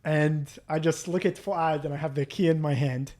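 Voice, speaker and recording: Young male podcast co-host, slightly high voice, animated storyteller who acts out quotes. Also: moderate pace. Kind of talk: casual storytelling chat.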